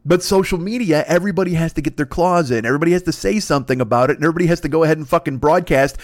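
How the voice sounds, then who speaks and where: A man hosting a solo comedy podcast, ranting in a profane, exasperated way that climbs into high indignant bursts. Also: expressive, racing, hardly any pauses, a little hiss or hum. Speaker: podcast host.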